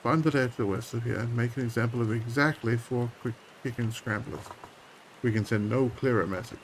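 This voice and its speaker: A man's voice: medium pitch, fairly even intonation, a little fast, slight background noise, lightly acted, rough recording. A man reading the lines of a stern game elder aloud, with grave, formal and archaic phrasing.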